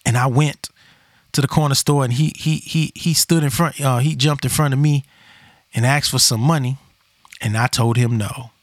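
A man's voice: medium pitch, steady tone, normal speed, dry recording, close to an everyday voice. Man acting out a fed-up stand-up comic, incredulous, dry close voice. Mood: exasperated. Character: exasperated male stand-up comedian.

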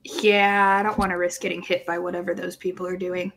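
A woman playing a tabletop game, talking quickly and casually. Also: on the low side, flat delivery, fairly bright tone, a little hiss or hum. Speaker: player.

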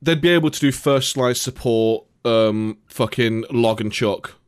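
A man's voice: mid-range voice, measured pace, clean tone. A man with a slight northern English accent, bluntly giving opinions in casual chat. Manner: blunt, swears freely, opinionated.

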